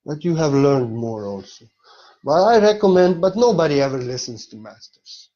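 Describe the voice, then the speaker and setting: A man's voice: fairly high pitch, big pitch swings, normal speed, mellow, lo-fi sound. A man giving an informal spiritual talk as a teacher, speaking candidly and emotionally, blunt and sometimes swearing.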